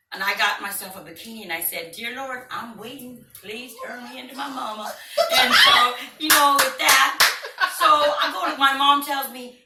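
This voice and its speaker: A woman's voice: fairly high pitch, bright, forceful tone, roomy sound, distant mic, a little hiss or hum. A woman performing a stand-up comedy routine, telling a story with acted-out voices and sound effects.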